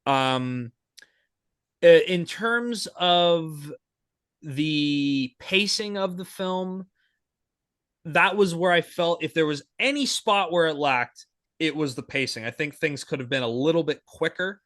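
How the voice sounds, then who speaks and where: A man's voice: a little high, slow, a bit bright, dry recording, studio quality. A young man co-hosting a podcast, chatting casually and enthusiastically, rambling with lots of fillers and restarts. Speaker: podcast co-host.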